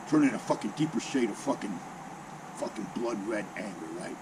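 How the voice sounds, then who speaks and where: A man's voice: medium pitch, fast talker, noisy background. A man in his sixties telling a salty personal story in a casual, heavily profane way. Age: 60s. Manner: heavily profane, salty, animated with mimicked sounds.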